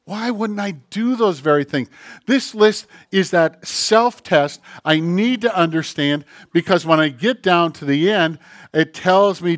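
Lively, joking middle-aged preacher. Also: male voice, a little high, normal speed, dry recording, clean studio sound. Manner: animated, rhetorical questions, self-mocking humor. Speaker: pastor. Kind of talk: sermon.

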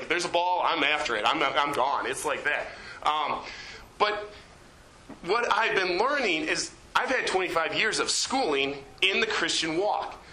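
A man in his twenties, a youth leader giving a chatty, animated sermon in a church, with lots of fillers. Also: on the high side, echoey room, a little hiss or hum, rough recording. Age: 20s. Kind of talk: informal sermon.

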